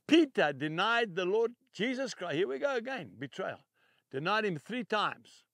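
An older man preaching a televised sermon, emphatic and repeating key phrases, swinging between soft and loud. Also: high voice, no echo, clean studio sound.

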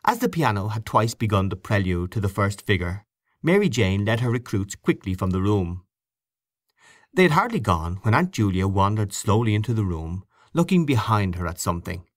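A male audiobook narrator with a low voice that moves a great deal in pitch. The reading is expressive and lively, recorded dry and close to the mic. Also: normal speed, dry recording. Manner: expressive reading, voicing characters. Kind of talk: scripted narration.

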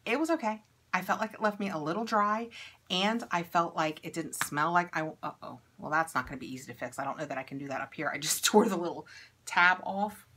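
Chatty woman with a bright, husky voice. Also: fairly low pitch, fairly quick. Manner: chatty, upbeat, thinks aloud while testing products. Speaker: beauty product unboxing vlogger. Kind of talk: casual unboxing chat to camera.

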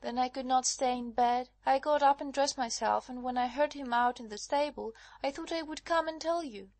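A woman voices a frightened young wife, out of breath and pleading for help in an audiobook drama. Her voice sits high and bright, and the recording is close and dry with no room sound. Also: moderate pace, no echo. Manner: breathless, urgent.

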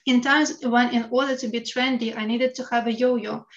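A woman's voice: on the high side, fairly even intonation, moderate pace, lo-fi sound. A woman with a Ukrainian accent reads her own personal essay aloud in a frank, wry way, swearing bluntly. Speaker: writer reading her own piece.

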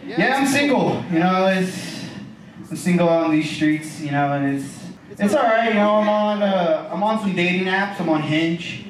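Brief: male stand-up comic, high and animated, crude and loose, echoey bar room heard from a distance. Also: normal speed, a little hiss or hum. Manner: crude, loose, conversational storytelling. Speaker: stand-up comedian. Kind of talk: stand-up comedy set. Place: bar venue stage with live audience. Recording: echoey room, distant mic, crowd audible.

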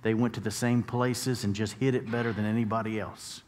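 Speaking fairly quickly in a level, slightly mellow low voice, this male pastor from the United States builds his sermon through stories toward emphatic points. The church sanctuary recording carries long reverb and a little hiss or hum.

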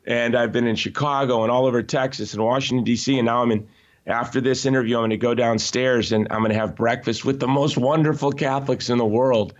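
A man's voice: mid-range voice, steady tone, fast. Man, interview guest, emphatic storyteller, lots of restarts, lo-fi muffled sound. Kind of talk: conversational podcast interview.

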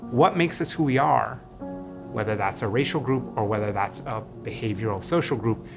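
A man giving an expert documentary interview, animated and acting out hypotheticals. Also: medium pitch, moderate pace, creaky. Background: music.

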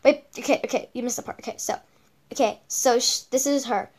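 A woman's voice: fairly high pitch, a little fast. A female channel host giving casual reaction commentary on videos, rambling with lots of repeated okays and ums.

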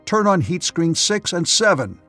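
A man's voice: a little high, animated, moderate pace, darkish tone, husky, faint music behind, voice pushed up. A male narrator voicing a reckless giant of a pilot who roars out orders. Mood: commanding. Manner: roaring orders.

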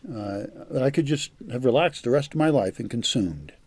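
A man's voice: mid-range voice, animated, normal speed, a little mellow, slightly rough, no echo. An older man giving a blunt, profane monologue as a vlogger, scornful and direct. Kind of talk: ranting monologue.

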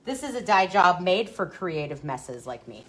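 A woman's voice: on the low side, very animated, moderate pace, a little hiss or hum. A woman dog groomer leading a live-stream grooming tutorial, chatty and self-mocking, laughing often as she works in a grooming salon. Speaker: dog groomer demonstrating dye techniques.

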